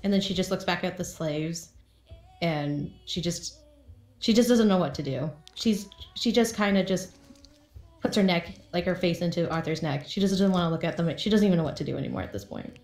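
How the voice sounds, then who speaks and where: A woman's voice: fairly low pitch, a little fast, darkish tone, soft background music. Woman player, echoey room.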